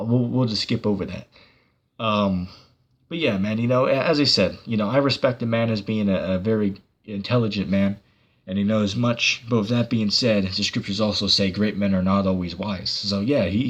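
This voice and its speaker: A man's voice: lowish voice, husky. A man hosting a casual livestream, reading viewer comments and talking about scripture in a rambling way, full of fillers and restarts.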